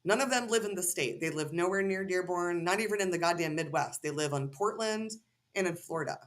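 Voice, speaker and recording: A woman's voice: fairly low pitch, brisk. Woman, podcast guest, heated, profane, ranting, casual talk.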